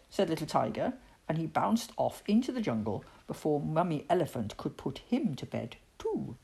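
Woman storyteller, low breathy voice, wildly expressive, children's book read-aloud. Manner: expressive, dramatic pauses.

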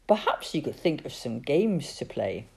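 A woman doing a brisk, no-nonsense doctor. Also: rumbling low, big pitch swings, creaky, a little mellow, husky, exaggerated voice. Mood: coaxing.

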